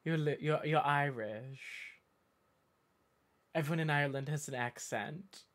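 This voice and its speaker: A man's voice: on the high side, measured pace, fairly bright tone. A man from the northeastern US chatting casually on a live stream, reading viewer comments and drifting off on tangents. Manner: rambling, talks in tangents with many self-corrections.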